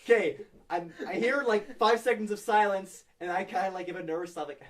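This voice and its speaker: A man's voice: sits high, fairly quick, far from the mic. A young man co-hosting a podcast, telling stories in casual chat and acting out the people in them. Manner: animated, acts out people in his stories. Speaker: podcast co-host.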